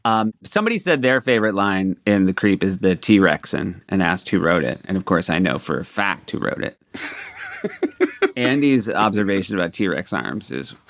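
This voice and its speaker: A man co-hosting a casual comedy podcast, chatty and quick with asides, often breaking into laughter. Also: sits low, wildly swooping pitch. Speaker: podcast co-host.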